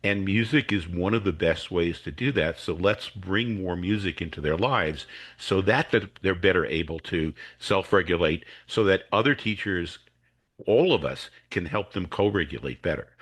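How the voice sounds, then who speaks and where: Speaking at a normal speed in a low, somewhat bright voice, this male educator and coach walks through a technique on a podcast. Along the way he performs what students and teachers would say.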